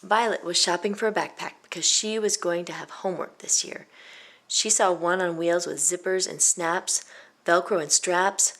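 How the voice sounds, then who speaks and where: A woman reading a children's picture book aloud, expressive and playing out the sound effects. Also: lowish voice, moderate pace.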